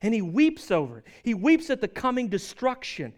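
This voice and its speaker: A man preaching a sermon as pastor, animated, rattling off scripture references with emphatic stresses. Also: very high-pitched, normal speed.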